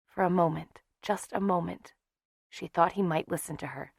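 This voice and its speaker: A woman's voice: fairly low pitch, fairly even intonation, normal speed, gravelly, husky, no echo, studio quality. A woman narrating a novel as an audiobook, dramatic in delivery. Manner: dramatic, shifts voice for each character. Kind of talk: scripted narration.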